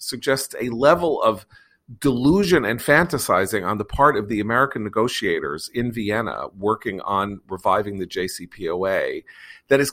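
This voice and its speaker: Man, political talk host, mid pitch, lively swings, digressive, sarcastic. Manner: animated, digressive, sarcastic asides. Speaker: podcast host. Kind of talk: political talk show with ad read.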